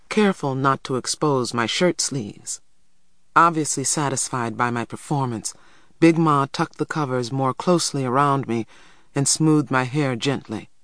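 A man's voice: mid-range voice, a bit bright, no echo. Man narrating a storybook, dry close sound. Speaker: audiobook narrator. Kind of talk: scripted first-person narration.

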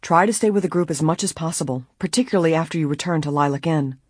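A reader voicing a troubled, measured middle-aged lawyer father in an audiobook. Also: medium pitch, breathy edge, no echo, clean studio sound, close to an everyday voice.

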